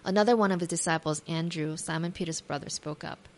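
A woman giving a devotional talk, reading scripture aloud and retelling the story imaginatively with gentle asides to the listener. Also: sits low, fast talker. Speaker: devotional speaker.

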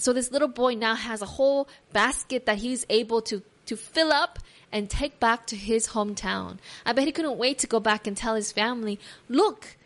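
A woman giving a devotional talk, reading scripture aloud and retelling the story imaginatively with gentle asides to the listener. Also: on the high side. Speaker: devotional speaker.

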